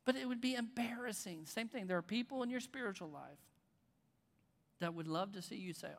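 A pastor preaching a conversational sermon, with bursts of loud emphasis. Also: male voice, sits high, animated, brisk, creaky. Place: church auditorium. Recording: long reverb in a large hall.

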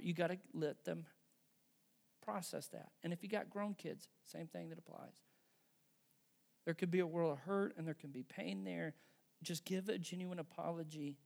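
A man's voice: a little high, vocal fry, darkish tone. A middle-aged man giving an earnest, exhorting sermon to parents, talking straight to his listeners. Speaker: pastor.

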